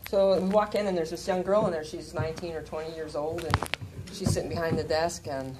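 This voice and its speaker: Older woman comic, slightly low voice, animated delivery, noisy live room. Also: brisk. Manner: animated, laughing, many restarts. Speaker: comedian. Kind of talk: stand-up storytelling.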